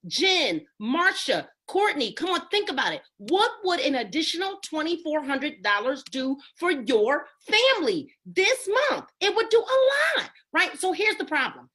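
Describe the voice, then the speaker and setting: Woman, upbeat sales trainer on a video call, bright high voice, very animated, calls out names. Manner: emphatic, keeps asking "right?" and calling on listeners by name.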